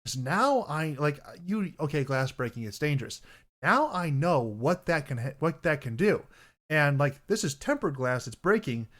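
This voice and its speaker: A young man's fairly high, sing-song voice carries at normal speed as he hosts a casual podcast chat on stream. He wanders from point to point, revises himself mid-sentence, and breaks into loud mock voices.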